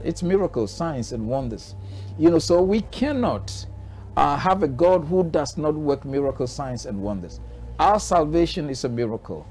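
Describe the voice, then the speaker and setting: A man's voice: a little high, darkish tone. A man from Ghana, a bishop answering interview questions in a preaching manner, driving his points home with repeated rhetorical questions.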